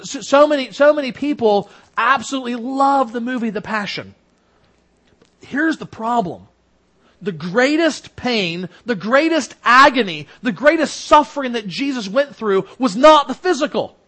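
A man preaching a sermon in an earnest way, rising for emphasis and dropping to soft, low endings. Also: lively intonation, moderate pace. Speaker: pastor.

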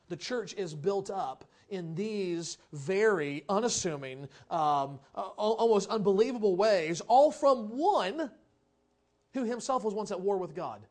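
A male pastor preaching a sermon, retelling scripture stories and acting out the quoted voices with sudden swings between loud and soft. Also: sits high.

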